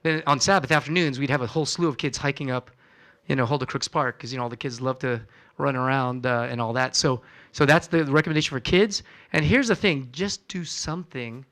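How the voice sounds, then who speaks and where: The physician's mid-range voice is fairly quick and fairly bright as he presents his wellness seminar in a church hall. He keeps the health lecture conversational, putting questions to the audience and acting out exchanges with patients.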